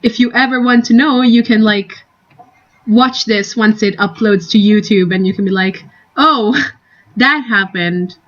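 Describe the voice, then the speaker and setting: A woman's voice: medium pitch, flat delivery, moderate pace. Rambling young woman on a lo-fi stream. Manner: rambling, giggly, full of tangents. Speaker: live-streaming artist. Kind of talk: casual live-stream chat.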